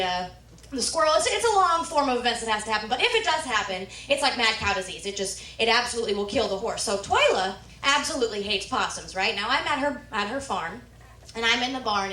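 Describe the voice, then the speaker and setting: A young woman from Nebraska doing a stand-up routine, telling animated stories and jumping high when she quotes people. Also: slight background noise. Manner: animated storytelling, squeals quoted lines high. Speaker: stand-up comedian. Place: comedy club stage. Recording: echoey room, mic from far off.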